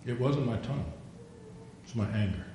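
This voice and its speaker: A man's voice: normal speed, warm tone. Older male preacher, very echoey room. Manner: digressive storyteller, acts out quotes. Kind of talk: sermon. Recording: very echoey room, faint rumble.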